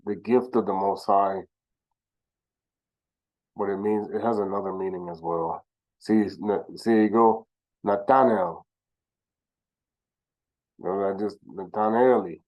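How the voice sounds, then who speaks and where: Man, low voice, casual scripture lesson, slow sounding-out of names, frequent self-corrections. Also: fairly even intonation, dull audio. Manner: asks the listener rhetorical questions. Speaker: teacher of scripture. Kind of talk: informal religious teaching.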